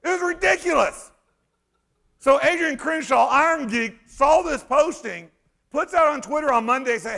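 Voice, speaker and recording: A man giving an animated conference talk, sarcastic and emphatic, rambling through restarts and breaking into shouts. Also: very high voice, moderate pace, gravelly. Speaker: conference speaker. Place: conference hall stage.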